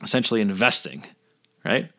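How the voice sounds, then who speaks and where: A man's voice: fairly low pitch, animated, moderate pace, bright, forceful tone. Blunt, sardonic man explaining casually. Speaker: video essayist.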